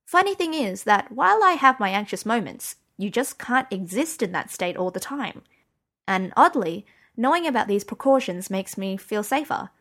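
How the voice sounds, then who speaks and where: A woman's voice: medium pitch, sing-song, normal speed, a bit bright. A woman narrating a story in the first person, conversational and wry. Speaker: audiobook narrator.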